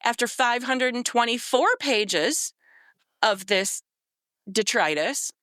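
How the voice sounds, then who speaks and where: A woman's voice: on the high side, lively intonation, slow, bright, forceful tone, dry recording. Exasperated woman recapping a novel, bone-dry sound. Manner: sarcastic, exasperated, swears freely, acts out quotes. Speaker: podcast co-host. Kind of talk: casual chat, recapping a novel.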